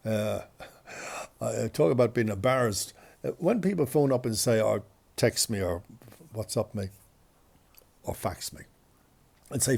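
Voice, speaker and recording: A man's voice: mid-range voice, lively intonation, measured pace, gravelly, pauses often, darkish tone. A male radio host telling embarrassing stories in a chatty, self-deprecating, rambling way. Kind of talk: anecdotal storytelling.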